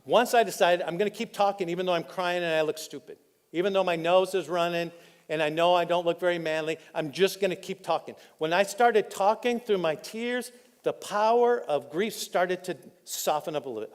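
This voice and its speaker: A man pastor, preaching a candid, personal sermon that drops soft and choked up when he is moved. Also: high-pitched, a little fast. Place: church auditorium. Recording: live in a reverberant church hall.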